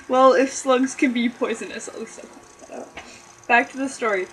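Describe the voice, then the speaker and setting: A woman's voice: on the high side, fairly even intonation, fairly quick, rough recording. Giggly woman reading her childhood story. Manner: giggly, self-mocking. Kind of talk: reading aloud with joking asides.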